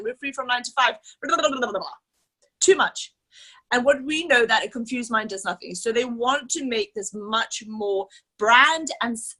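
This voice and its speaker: A woman's voice: a little high, bright, forceful tone. A woman leading a team training session, talking in a chatty, enthusiastic way with lots of fillers. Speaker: team leader. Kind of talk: casual training talk.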